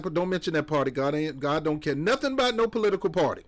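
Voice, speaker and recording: A man's voice: fairly high pitch, animated, quick pace. A man, giving a heated, preachy political monologue as a commentator. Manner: heated, preachy, mocking put-on voices.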